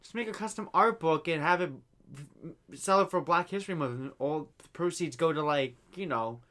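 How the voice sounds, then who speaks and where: A young man co-hosting a casual podcast, talking in a halting way with many fillers and restarts. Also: a little high, fairly bright tone. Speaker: podcast co-host. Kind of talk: casual chat.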